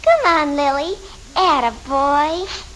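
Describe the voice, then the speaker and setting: A woman's voice: sits high, expressive, slow pace. An actress playing a gushing, girlish young daughter in a 1950s radio sitcom. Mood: cooing. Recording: hissy old radio recording.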